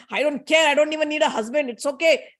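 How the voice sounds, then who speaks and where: A woman's voice: high voice, brisk, fairly bright tone, pitched above the performer's own voice. A woman voicing a young goddess who pleads with her husband, then defies him. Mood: defiant. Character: young goddess wife, devoted then furious.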